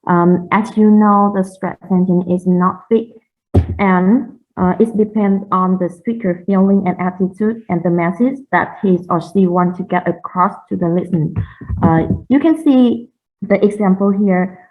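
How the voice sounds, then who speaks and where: A woman presents a lesson carefully, pausing and repeating words as she goes. Her audio is thin and tinny, like it came through a phone line. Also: mid-range voice. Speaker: student presenter. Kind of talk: class presentation.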